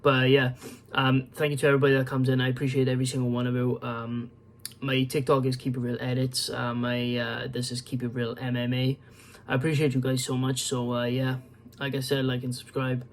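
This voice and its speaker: A man's voice: mid-range voice, monotone, fairly quick, slight background noise. A tired man hosting his own channel, giving rambling casual fight predictions with many fillers and restarts. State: tired, yawning. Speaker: MMA prediction channel host.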